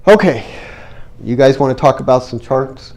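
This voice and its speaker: A man's voice: medium pitch, expressive, moderate pace, darkish tone. Earnest middle-aged man with a cold. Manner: conversational, earnest, direct storyteller. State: has a cold. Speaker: real estate investor giving a talk. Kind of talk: storytelling talk to a live audience.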